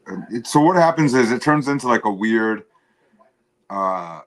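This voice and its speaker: A man on a casual livestream, telling a rambling, halting story about himself. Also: on the low side, lively intonation, fairly bright tone. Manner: rambling, halting, self-deprecating.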